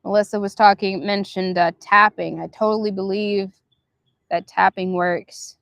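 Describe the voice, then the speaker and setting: A woman hosting a casual spiritual livestream outdoors, musing softly and guiding slow breathing. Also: medium pitch, steady tone, gravelly, dry recording, clean studio sound. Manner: meandering, soft and reflective, guides slow breathing. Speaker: livestream host. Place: outdoors near a park.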